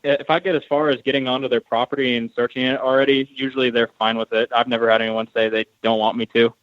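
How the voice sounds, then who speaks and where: A young man guest answers questions fast and casually, with plenty of fillers. The line is dull and lo-fi. His voice sits at a middle pitch. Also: no echo. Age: young adult. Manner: quick, relaxed answers with fillers. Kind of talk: casual interview chat.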